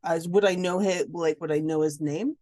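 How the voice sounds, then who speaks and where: A woman's voice: fairly low pitch, moderate pace, dark tone, dry recording. A young woman playing a character in a tabletop game, speaking hesitantly with many restarts. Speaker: player. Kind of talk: tabletop role-play.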